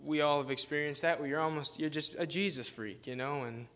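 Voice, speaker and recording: A man with a fairly high, pushed, bright voice speaks briskly. Guest-preaching in an informal sermon, he rambles through a self-deprecating tale in a casual manner, laughing frequently.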